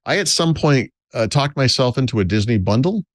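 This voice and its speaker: A middle-aged man co-hosting a tech podcast in casual chat, talking in halting bursts full of restarts and self-corrections. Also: mid-range voice, expressive, dry recording, studio quality. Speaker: co-host.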